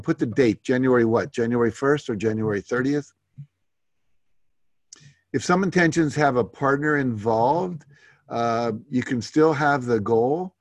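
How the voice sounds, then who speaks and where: A man leading a live goal-setting workshop. He reads out participants' goals and comments on each in a relaxed, conversational way with many fillers. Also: medium pitch, normal speed, no echo.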